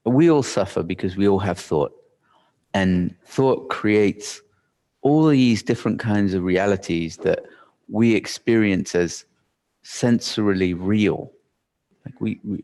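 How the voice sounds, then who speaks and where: Animated storytelling man, low voice. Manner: animated, acts out his own thoughts with frequent restarts. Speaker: workshop speaker. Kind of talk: live storytelling talk.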